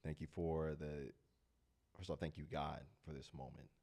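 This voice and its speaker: A man's voice: very deep voice, little pitch movement, moderate pace, vocal fry, darkish tone, breathy edge. A man hosting a casual, heartfelt monologue, speaking earnestly and telling stories in a loose, rambling way. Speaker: host of a talk channel.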